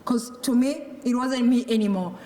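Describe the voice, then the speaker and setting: This Maasai woman, from Kenya or Tanzania, has a fairly high, mellow voice and talks at a normal speed as she gives her personal testimony of surviving tuberculosis. She acts out what her doctors and her mother said, and the large conference hall adds a noticeable echo.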